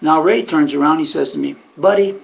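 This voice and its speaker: Man, horse trainer, rambling storytelling, high voice, gravelly, dull lo-fi recording. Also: steady tone, fast talker. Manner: rambling, full of "you know" and restarts. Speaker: harness racing trainer. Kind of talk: casual spoken storytelling.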